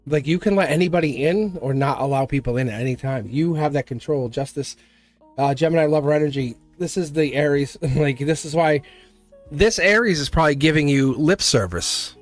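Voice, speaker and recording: A man's voice: fairly high pitch, a little fast, faint music behind. Blunt laughing male tarot reader. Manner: blunt, laughs often, acts out voices. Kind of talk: live tarot reading.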